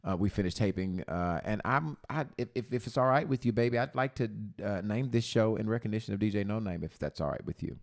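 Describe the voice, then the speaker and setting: A man co-hosting a podcast, a former radio host, talking in a reflective, halting way with many restarts. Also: lowish voice, animated. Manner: halting, repeats words, reflective. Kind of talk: casual chat.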